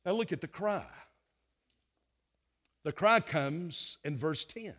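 A middle-aged man preaching a sermon, swinging from hushed, quiet passages to loud, emphatic ones. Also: a little high, expressive, slow. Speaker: pastor.

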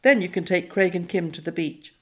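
A woman reading an audiobook, voicing a brisk, kindly middle-aged British stepmother. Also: fairly low pitch, natural voice.

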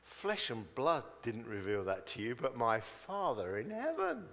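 A preacher voicing a calm loving teacher. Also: male voice, medium pitch, measured pace, creaky, long reverb tail, pitched below the performer's own voice, heavily acted. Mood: warm.

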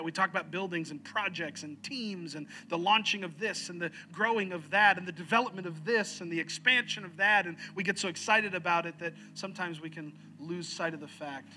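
A pastor preaching an earnest sermon, slowing and dropping low to press his points. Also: pushed and bright.

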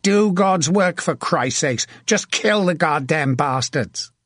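A man's voice: a little high, animated, takes it slowly, fairly bright tone, no room sound, clean studio sound, pitched above the performer's own voice, full character voice. A man voicing a harsh, angry male saint who speaks as a ghostly voice, demanding and cursing in an audiobook. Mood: furious.

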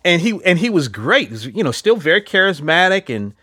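A man's voice: a little high, very animated, brisk, pushed and bright, no room sound, studio quality. A man casually chatting as a podcast host, rambling with lots of fillers and restarts. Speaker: podcast host reviewing films. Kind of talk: casual chat.

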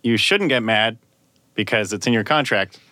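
A man who works as a sound designer, hosting a casual podcast chat and explaining things in a measured way. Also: fairly low pitch, pushed and bright, no echo.

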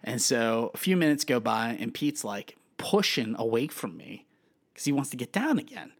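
A man in his thirties co-hosting a podcast, telling stories in a lively, chatty way with plenty of fillers. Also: medium pitch, moderate pace. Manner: animated storytelling with many fillers. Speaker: podcast co-host. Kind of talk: casual chat.

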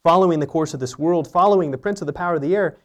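A man's voice: fairly high pitch, racing. A man preaching an earnest, teaching sermon, often asking rhetorical questions. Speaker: pastor.

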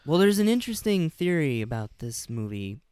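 A man's voice: a little high, big pitch swings, brisk, a little mellow, smooth, dry recording. A man co-hosting a podcast, chatting casually about a movie, swearing, laughing and acting out lines from it. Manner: laughing, profane, acts out film lines. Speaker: podcast co-host.

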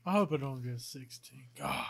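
A young man chatting casually on a podcast, talking slowly in a drawl. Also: medium pitch, vocal fry, slightly rough. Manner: drawling, slow-talking, laughs at himself. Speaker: podcast co-host. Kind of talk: casual chat.

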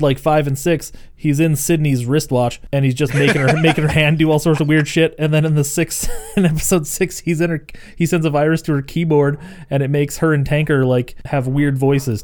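A man's voice: on the high side, a little mellow. A man co-hosting a casual podcast, recapping a show in a loose, profane way and laughing often. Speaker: podcast co-host.

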